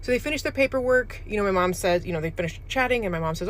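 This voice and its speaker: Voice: mid-range voice, lively intonation, very fast, few pauses, a bit bright, slight background noise. A speaker recounting a parent's eerie hospital story casually, rambling with fillers and acting out quoted dialogue. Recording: clear music bed under the voice. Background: music.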